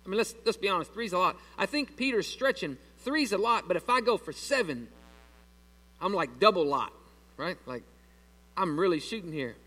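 High-voiced pastor in an echoing hall. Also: male voice, moderate pace, slightly rough. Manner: animated, asks the congregation questions. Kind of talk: sermon. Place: church sanctuary. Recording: long reverb of a large hall.

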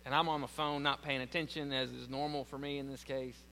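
A man's voice: medium pitch, little pitch movement, brisk, vocal fry, bright, forceful tone, a little hiss or hum. Southern man preaching in a reverberant hall. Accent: American Southern. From American South. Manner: preaching with rising emphasis, then storytelling with restarts. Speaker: pastor. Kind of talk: sermon.

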